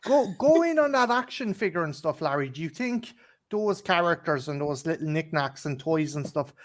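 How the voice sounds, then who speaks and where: A man's voice: a little high, lively intonation, moderate pace. An Irish man co-hosting a casual chat show. He rambles, swears freely and laughs in the middle of his sentences. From Ireland. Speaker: co-host.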